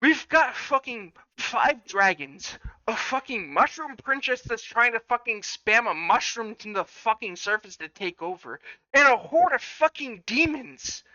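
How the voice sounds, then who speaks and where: A woman's voice: fairly high pitch, expressive, unhurried, pushed and bright, dry recording. A woman voicing a blunt, hot-tempered male fighter who rants and swears constantly. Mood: angry ranting. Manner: profane ranting. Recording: dry, dull lo-fi audio.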